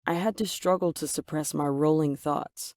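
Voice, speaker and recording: A woman narrating a first-person story with dramatic, expressive delivery. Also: deep voice, normal speed, dry recording, studio quality.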